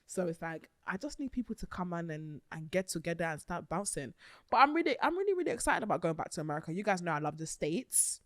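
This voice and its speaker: A lower-voiced woman hosts a casual podcast chat. She talks in an animated, chatty way, laughing often and swearing freely. Her voice sounds dry and close, with no room around it. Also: fast talker, no room sound. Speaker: podcast host.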